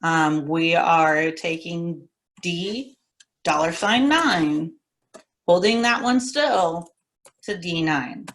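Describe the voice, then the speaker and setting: Woman teacher, kinda low voice, walking students through formulas, repeats stuff so they get it. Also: extremely slow, fairly bright tone. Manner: methodical, repeats key steps, casual instructor tone. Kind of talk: recorded classroom lecture walkthrough.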